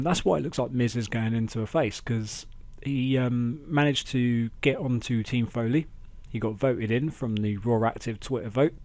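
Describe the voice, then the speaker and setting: A man hosting a casual wrestling review podcast, chatty and excitable, talking into a close mic at home. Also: mid-range voice, no echo. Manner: chatty, excitable, acts out quotes in raised voices. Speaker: podcast host.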